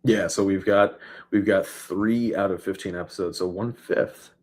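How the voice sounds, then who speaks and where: A man co-hosting a podcast, recapping a TV episode in casual chat with animated storytelling that acts out scenes. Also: low-pitched, moderate pace. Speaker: podcast co-host.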